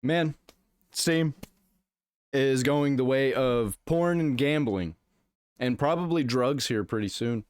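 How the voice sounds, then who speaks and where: A man's voice: medium pitch, takes it slowly, pauses often, clean tone, no echo, clean studio sound. A man giving casual reaction commentary, ranting and sarcastic.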